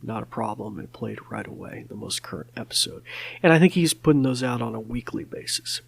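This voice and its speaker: A man's voice: medium pitch, expressive, brisk, creaky, breathy edge, no room sound. A man hosting a podcast, talking casually with many fillers and restarts. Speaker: podcast host.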